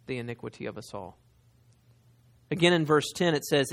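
A man preaching a sermon, talking straight to his listeners and reading scripture slowly and with weight. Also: medium pitch. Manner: reads scripture slowly and with emphasis, talks to listeners directly.

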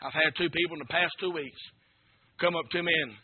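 A male pastor preaching a sermon. He swings between shouted fervor and hushed intensity. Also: on the high side, fairly even intonation, brisk, breathy edge. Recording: tinny lo-fi radio broadcast.

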